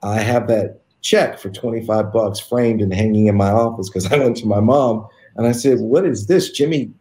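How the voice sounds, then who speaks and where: A man from the United States telling stories as an interview guest, animated and acting out the quotes. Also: on the low side, moderate pace. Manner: animated storyteller who acts out quotes. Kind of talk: casual anecdote telling. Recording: roomy echo.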